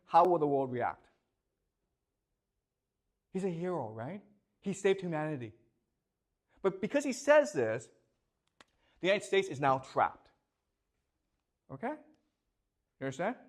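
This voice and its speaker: A male professor gives a classroom lecture in a voice that sits a bit high. His pitch moves a great deal as he fires questions at the class. He keeps stopping to check that the students follow him, and he repeats himself as he drives each point home. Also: sing-song, a little slow, long pauses. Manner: emphatic, questioning.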